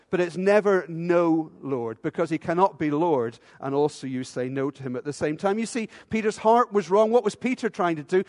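A man's voice: high-pitched, big-room sound. A man preaching a sermon in a church, emphatic and full of rhetorical questions and repeated phrases. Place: church with a stage.

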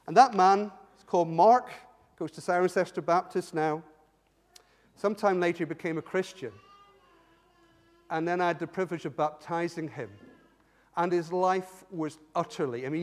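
A man preaching a sermon in church, animated storytelling that swings from loud to hushed. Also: high voice. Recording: long hall reverb.

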